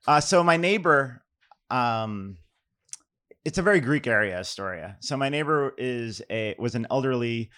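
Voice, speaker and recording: Before reading his poems, a middle-aged New York poet tells a rambling, self-deprecating story in a casual mix of anecdote and reading. His voice is average in pitch with a clean tone. He's relaxed, loose and unhurried, with plenty of "um"s, fillers and restarts.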